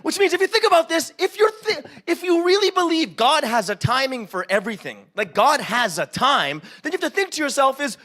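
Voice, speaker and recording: A young man preaching a sermon in a church, animated and conversational, acting out pleading voices and asking "right?" again and again. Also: very high-pitched, brisk, few pauses. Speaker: pastor.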